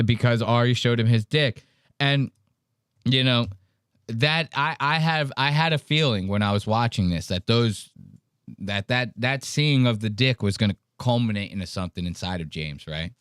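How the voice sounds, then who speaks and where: A man's voice: mid-range voice, a bit bright, dry recording. Male podcast host, rambling crude comic riffs, dry close sound. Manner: rambling, profane, jokey riffing. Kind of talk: crude comedic commentary on clips.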